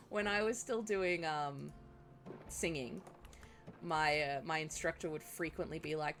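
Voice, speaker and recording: Woman game streamer, lower register, gravelly, chatty with viewers, music under the voice. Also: a little slow, a bit bright. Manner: chatty, talks back to viewers. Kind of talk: casual live-stream game commentary. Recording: music playing behind the voice.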